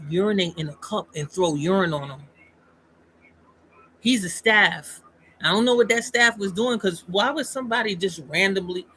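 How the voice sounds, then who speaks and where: High, bright-voiced New man. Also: a little hiss or hum, poor audio. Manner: emphatic, rambling, with frequent restarts. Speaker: streamer. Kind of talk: casual livestream talk.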